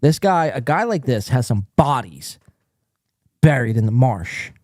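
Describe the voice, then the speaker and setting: A man's voice: mid-range voice, big pitch swings, a little slow, darkish tone, no echo, clean studio sound. A male podcast host giving casual, profane, mocking commentary while reading out online posts. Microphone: desk mic, acting up.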